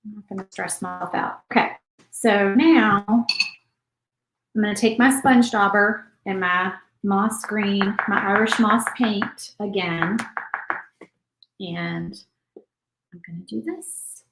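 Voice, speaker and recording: A woman's voice: medium pitch, slow, gravelly, pauses often, reverberant, noisy background. A woman, hosting a crafting livestream and chatting casually as she paints. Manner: chatty, thinks aloud while painting. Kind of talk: casual live crafting chat.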